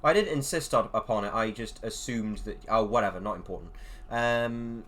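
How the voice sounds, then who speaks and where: A man's voice: lowish voice, normal speed, a bit bright. An English man judging art contest entries, chatting casually and jokingly on an online voice call. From England. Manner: rambling and jokey, frequent laughs. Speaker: contest judge.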